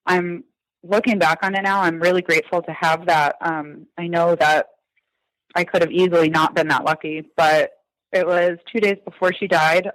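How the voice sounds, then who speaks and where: The son of a crime victim, a Massachusetts man in his thirties, speaks reflectively as a guest in a podcast interview, peppering his words with ums and likes. His voice is on the high side and a bit bright. The recording has no echo and is low quality.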